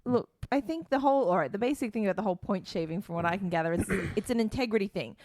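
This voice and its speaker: A woman's voice: mid-range voice, quick pace, a little mellow, no echo. A woman on a podcast panel chatting casually about cartoon episodes, asking questions as she builds her point. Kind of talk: casual chat reviewing episodes.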